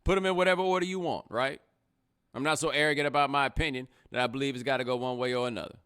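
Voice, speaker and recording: A man hosting a casual livestream podcast, talking in an animated, sarcastic way. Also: medium pitch, very fast, smooth. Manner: animated, sarcastic, rising to loud exclamations. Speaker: podcast host.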